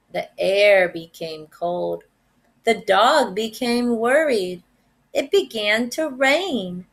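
Woman, first grade teacher, storybook read-aloud, slow, lively pitch. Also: vocal fry. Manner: animated, expressive storytelling. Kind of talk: reading a picture book aloud.

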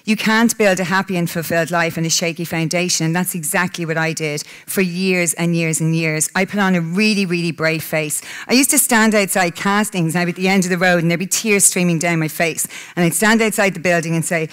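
A woman's voice: lowish voice, fairly quick, few pauses, a bit bright. Woman, 30s, heartfelt speaker at a live talk, tearful edge. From Ireland. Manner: candid, emotional, breaks into laughter. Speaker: public speaker. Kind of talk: personal talk to a live audience. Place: conference hall.

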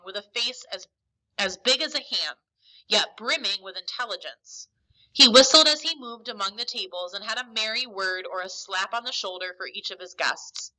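A woman teacher reading a novel aloud to a class in an expressive, emphatic storytelling manner. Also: mid-range voice, rough recording.

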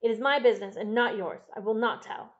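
A woman's voice: mid-range voice, quick pace, phone-quality sound, lightly acted. A woman voicing a frightened, secretive male butler who pleads with his master, in an audiobook reading. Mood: defiant. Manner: pleading, agitated.

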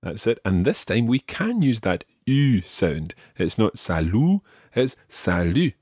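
A male teacher gives a podcast language lesson, patiently working through each phrase and modelling how to pronounce it. His fairly low, slightly husky voice rises and falls a lot, sing-song and a little mellow, at a measured pace. The sound is close and dry.

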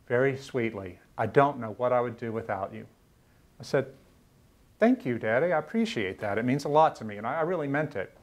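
Man, middle-aged, earnest, halting, mid-pitched, lecture storytelling. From Louisiana, US South. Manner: earnest, halting, repeats words when moved. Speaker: author giving a lecture. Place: university lecture room.

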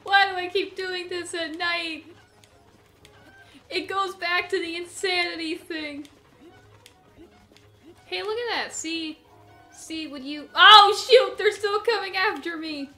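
A young woman with a high, bright voice narrates her own game run as she plays. She is excitable, breaking into panicked shrieks when things go wrong, then drifting into rambling, self-mocking chatter with laughs. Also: takes it slowly, pauses often, soft background music. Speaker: gameplay commentator. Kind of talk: let's play commentary.

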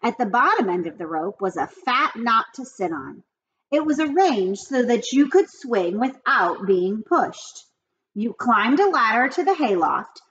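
A woman reading a children's book aloud in an expressive storytelling manner. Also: a little high, a little slow, dull audio, a little hiss or hum. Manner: lively, expressive reading with character voices.

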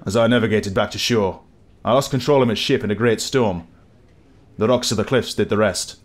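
A man voicing a grizzled old sailor in a game tavern, with a put-on West Country accent and a gruff, brooding way of telling tales. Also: lowish voice, a little fast, lightly acted. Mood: mournful. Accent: West Country English, put on.

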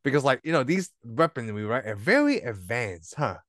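A man's voice: medium pitch, sing-song, moderate pace, a bit bright, no echo. Guy cohosting a movie podcast, rambly, laughs a lot, mid voice, dry mic sound. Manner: rambling, laughs often, trails off mid-sentence. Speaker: podcast co-host. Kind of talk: casual movie review chat. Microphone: own microphone, remote call.

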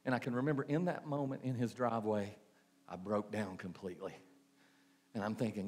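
A man's voice: lowish voice, fairly even intonation, a little fast, darkish tone, breathy edge. A man preaching a sermon, repeating phrases and asking the congregation questions. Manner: preaching with repetition and rhetorical questions. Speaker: pastor.

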